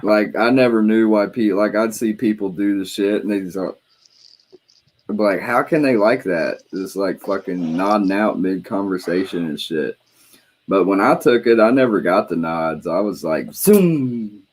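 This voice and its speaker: A man's voice: deep voice, normal speed. A man in casual conversation, telling rambling, profane stories in a laid-back way. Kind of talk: casual chat.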